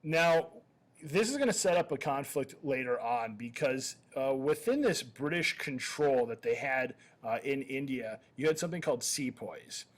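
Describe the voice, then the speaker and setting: A man of middle pitch gives a history lesson over slides. He keeps an easy, conversational tone, fills his pauses with "uh" and "um", and now and then corrects himself partway through a sentence. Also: expressive. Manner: conversational, many "uh" and "um" fillers, self-correcting. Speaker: history teacher. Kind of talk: recorded slideshow lecture.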